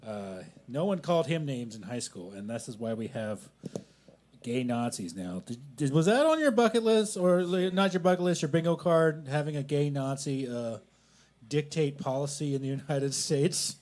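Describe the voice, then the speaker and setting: A man's voice: on the high side, animated, moderate pace, a little mellow. A young man doing a rambling, self-deprecating stand-up set at a coffee shop open mic, with angry asides.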